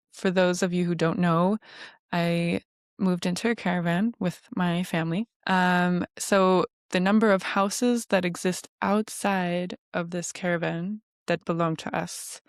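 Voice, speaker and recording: A woman's voice: fairly low pitch, dry recording, clean studio sound. A middle-aged woman hosting a podcast, talking in a chatty, reflective way with many fillers. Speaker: podcast host. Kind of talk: casual podcast monologue.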